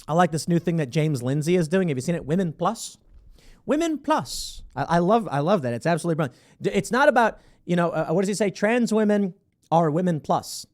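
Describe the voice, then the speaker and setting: A man's voice: high-pitched, animated, a little fast, darkish tone. A man hosting a commentary show, reading a news story aloud and mocking it with sarcastic asides and acted-out imagined exchanges. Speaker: show host.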